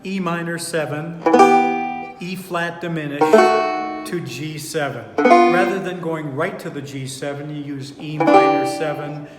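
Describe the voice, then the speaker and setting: A man teaching four-string banjo in a relaxed, unhurried way, thinking aloud with fillers as he plays. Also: fairly high pitch, loud music behind the voice. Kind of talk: relaxed online music lesson. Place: indoor room, playing banjo while talking. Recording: echoey room with long reverb, banjo playing behind.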